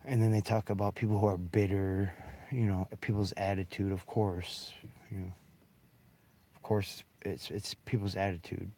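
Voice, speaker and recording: A man's voice: low voice, flat delivery, moderate pace, warm tone. A man in a rambling, bitter monologue, swearing heavily and breaking into short laughs. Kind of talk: angry monologue.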